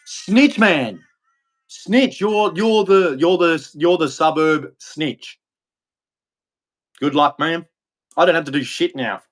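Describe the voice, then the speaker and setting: A man's voice: on the high side, a bit bright. An Australian man livestreaming an angry, profane rant, repeating insults over and over. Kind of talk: angry ranting monologue.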